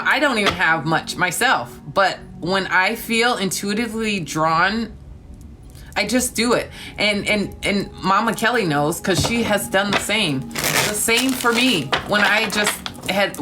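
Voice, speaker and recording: A woman's voice: mid-range voice, noisy background. A woman chatting live with her viewers, gushing and calling them honey and darling while talking about gratitude and trust. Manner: spiritual talk of gratitude and trust. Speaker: TikTok live streamer. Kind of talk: casual live-stream chat with viewers.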